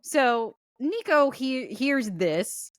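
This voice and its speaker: High-pitched young woman telling a story. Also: very slow, dry recording, studio quality. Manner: animated storytelling, frequent swearing and slang. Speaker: podcast co-host. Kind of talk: casual chat.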